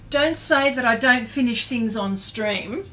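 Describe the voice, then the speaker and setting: A woman's voice: on the high side, lively intonation, measured pace, fairly bright tone, slight background noise. Chatty woman painting live. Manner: chatty, laughs often, reads and answers viewer chat. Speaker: artist livestreaming a painting session. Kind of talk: casual chat while painting.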